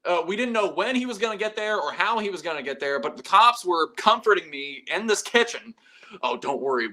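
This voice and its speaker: His voice sits high and sounds pushed and bright. Running a casual metal-music live stream for his YouTube channel, he reads out messages from viewers and rambles animatedly, cursing without restraint.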